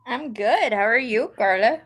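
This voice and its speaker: A woman's voice: fairly high pitch, animated, measured pace, over a noisy crowd. A woman co-hosting a casual livestream chat, chatty and sassy in her complaints. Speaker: co-host.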